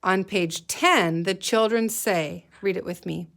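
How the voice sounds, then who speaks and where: Teacher lady reading a picture book to her class, slow and careful, lots of feeling in the voice. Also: medium pitch. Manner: slow, clear read-aloud with expressive dialogue. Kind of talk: guided reading lesson.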